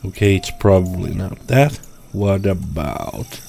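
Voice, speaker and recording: A man's voice: deep voice, lively intonation, slow, creaky, dark tone, slight background noise. A man commentating his own gameplay, talking to himself, frustrated and swearing often. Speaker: gameplay streamer. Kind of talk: let's play commentary.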